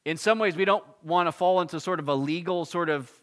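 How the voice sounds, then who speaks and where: A man delivers a Bible teaching sermon, reading the verses aloud and then unpacking them with informal, lively asides. His voice sits on the higher side for a man. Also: fairly quick. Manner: casual, animated preaching with asides. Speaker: pastor. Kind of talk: expository sermon.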